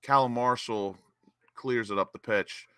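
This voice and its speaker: Excitable young man hosting a watch-along. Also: mid-range voice, measured pace, clean tone, no room sound, clean studio sound. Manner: excitable, reads chat names and cheers goals. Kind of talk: live-stream match watch-along chat.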